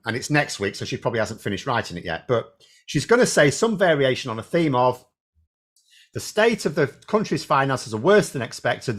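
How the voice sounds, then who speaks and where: A man hosting a casual political commentary show, talking through his thoughts with restarts and asides. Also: on the high side. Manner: animated, thinking aloud with restarts.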